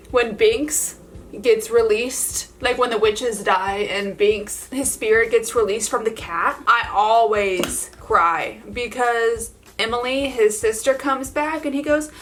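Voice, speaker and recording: A woman's voice: a little high, a bit bright, a little hiss or hum. Chatty, gushing woman beauty vlogger. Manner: chatty and gushing, lots of "like" and laughs. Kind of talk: casual makeup tutorial chat.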